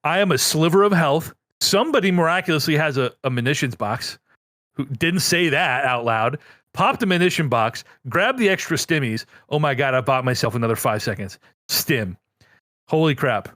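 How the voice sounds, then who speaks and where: A man's voice: on the high side, normal speed, dry recording, clean studio sound. A man co-hosting a casual gaming podcast, telling a story with lots of energy and some swearing. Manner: animated storyteller, swears freely. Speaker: podcast co-host.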